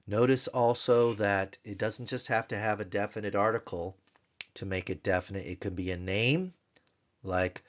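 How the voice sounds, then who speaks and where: Low-voiced man teaching a grammar lesson. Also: lo-fi sound. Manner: patient, spells words out slowly and repeats them.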